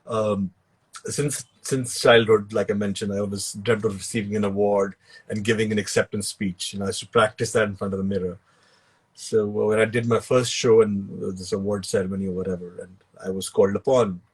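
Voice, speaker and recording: A man with an Indian English accent tells his stories in a relaxed, husky voice. He laughs often and slips Hindi phrases into his English. The sound comes through a video call. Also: on the low side, a little fast. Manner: laughs while telling anecdotes, mixes in Hindi phrases. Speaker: actor and author, guest. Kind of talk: relaxed storytelling in an interview.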